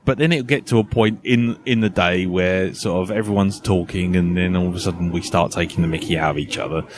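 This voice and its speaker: Male podcast host, low-ish register, loose rambling delivery, light background hiss. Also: fast. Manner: rambling, laughs often, lots of "you know". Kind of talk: casual chat.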